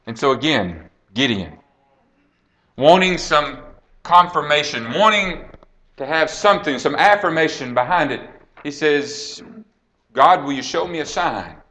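A man preaching, retelling a Bible story with dramatic swings between hushed and raised delivery and acting out the quoted lines. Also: fairly high pitch, lively intonation, measured pace, long pauses. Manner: dramatic storytelling, acts out quoted lines, drops to a hush then rises.

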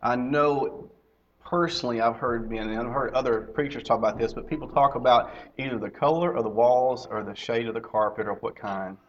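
A man's voice: medium pitch, moderate pace, a little hiss or hum. A middle-aged man giving a conversational sermon to his congregation. He repeats his key phrases and asks his listeners direct questions. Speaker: lay preacher and teacher. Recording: slightly dull lo-fi recording.

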